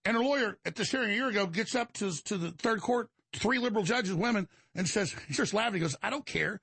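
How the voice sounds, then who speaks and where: Agitated gravelly man on a heated rant. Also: high-pitched, quick pace, a bit bright, dry recording. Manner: agitated and emphatic, rambling with restarts. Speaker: show host. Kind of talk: heated monologue.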